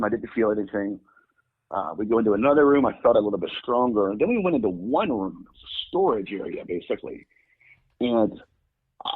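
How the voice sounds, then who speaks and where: Husky man telling a story over a phone-like line. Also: medium pitch. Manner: earnest, recounts events and quotes himself. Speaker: guest, religious demonologist. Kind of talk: casual interview storytelling. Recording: phone-like narrow sound.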